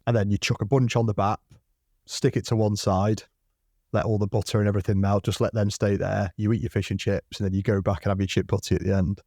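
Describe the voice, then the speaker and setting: A man hosting a podcast, talking fast and teasing his guests, with plenty of swearing. His voice sits a little low and sounds dry and close to the mic. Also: little pitch movement, warm tone, dry recording. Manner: bantering, swears freely, laughs often. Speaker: podcast host. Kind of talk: casual chat.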